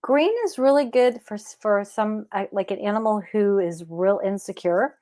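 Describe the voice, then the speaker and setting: A woman's voice: moderate pace, mellow. Chatty woman hosting a live Q&A. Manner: chatty, rambling, with fillers and self-corrections; rises into high baby talk with her cat. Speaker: host of a cat health show. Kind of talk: casual live Q&A chat.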